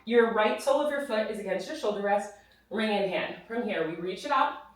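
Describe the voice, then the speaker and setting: A Pilates instructor, winded, guides a follow-along reformer session with upbeat cues and counted repetitions. She speaks briskly at medium pitch with lively intonation, and the recording has studio echo from a far-off mic.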